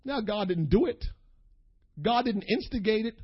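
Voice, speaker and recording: A male preacher with a husky, fairly high voice delivers a folksy, impassioned sermon. He talks straight to the congregation. The audio of this church recording is dull and lo-fi. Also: animated, measured pace.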